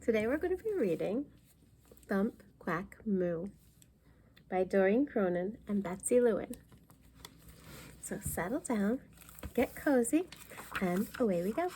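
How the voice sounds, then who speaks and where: A woman reading a picture book aloud at a library storytime, pausing to explain words for young listeners. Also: medium pitch, sing-song, warm tone, a little hiss or hum.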